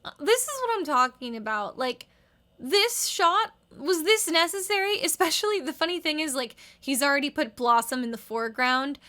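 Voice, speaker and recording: A woman's voice: sits high, pushed and bright. A woman in her thirties giving rambling, wry casual commentary with lots of "like". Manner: wry, rambling, heavy use of "like". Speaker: video essayist.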